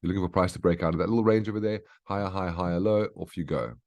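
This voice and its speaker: A man's voice: sits low, fairly even intonation, racing, darkish tone. A man hosting a daily market brief, walking through price charts in a casual, instructive way and often checking in with "okay?". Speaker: market analyst host. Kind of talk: live trading chart walkthrough.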